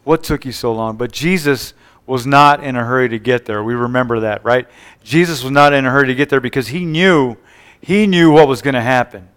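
A man's voice: medium pitch, brisk, a bit bright, clear, resonant tone. A man preaching a sermon, retelling scripture scenes with quoted dialogue and frequent call-and-response asides.

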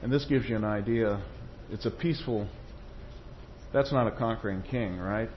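A man's voice: on the low side, normal speed, lo-fi sound, a little hiss or hum. A man preaching a sermon, reading quotations with rising force and checking in with the congregation. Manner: tag questions to the congregation.

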